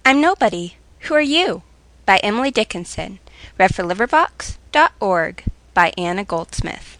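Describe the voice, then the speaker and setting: A woman's voice: mid-range voice, sing-song, normal speed, a bit bright, no echo. A woman, a volunteer reader, reciting a short poem in a playful, lilting way. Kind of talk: poetry reading.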